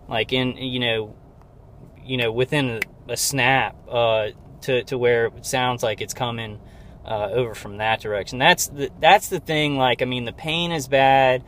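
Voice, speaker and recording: A man giving a rambling personal video update from inside his car, halting with many fillers and restarts, strained and close to tears. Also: medium pitch, fairly bright tone, slight background noise. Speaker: video diarist.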